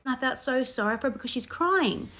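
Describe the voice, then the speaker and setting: A woman's voice: sits high, expressive, a little fast, pushed and bright. A woman hosting a casual reaction chat about a reality show, emphatic and opinionated, often repeating herself. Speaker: reaction channel host.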